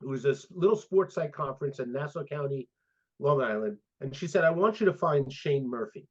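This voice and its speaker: A man's voice: medium pitch, a little fast. A man in his fifties, a sport psychologist guest, telling stories in a casual interview and acting out the dialogue. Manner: animated storyteller, acts out quoted dialogue. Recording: dull lo-fi audio.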